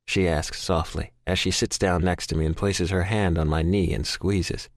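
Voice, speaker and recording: A man's voice: deep voice, steady tone, moderate pace, dry recording, studio quality. A man narrating a first-person romance audiobook in a raw, emotional, profanity-laced way.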